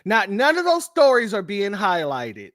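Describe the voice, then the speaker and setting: A man with a strikingly high voice hosts a loose reaction show, chuckling often and calling his audience family. The sound is dry and close with no room around it. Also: huge pitch swings, unhurried, fairly bright tone, dry recording. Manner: laughs often, addresses viewers as family. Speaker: commentary host. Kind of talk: casual reaction commentary.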